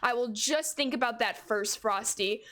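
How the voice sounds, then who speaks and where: Young woman, twenties, bright high voice, upbeat gaming streamer reading chat. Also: normal speed. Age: 20s. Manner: upbeat, greets chat viewers by name. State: out of breath. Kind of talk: casual live-stream chat.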